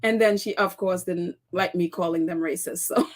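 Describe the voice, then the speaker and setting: A woman's voice: lowish voice, fairly even intonation, normal speed. A woman hosting a casual live-stream chat, reading viewer comments and rambling through stories with many restarts and laughs. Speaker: host of a live chat show.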